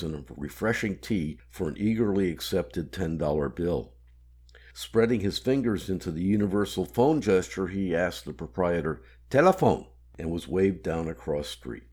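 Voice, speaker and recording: A man reading a novel aloud in a measured, even audiobook narration. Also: low-pitched, husky.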